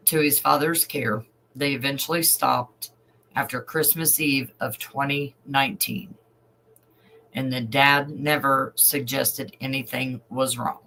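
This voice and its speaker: A man's voice: medium pitch, creaky, bright, forceful tone, slight background noise, rough recording. A man reading a news story aloud and adding emotional asides as an online commentator. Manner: slow, emotional asides between read passages.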